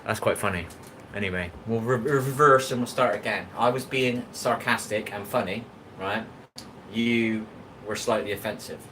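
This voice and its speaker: A man's voice: on the low side, normal speed, fairly bright tone, slight background noise, rough recording. An English man hosting a casual livestream while he cooks, rambling and talking back to chat comments. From England. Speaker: livestream host.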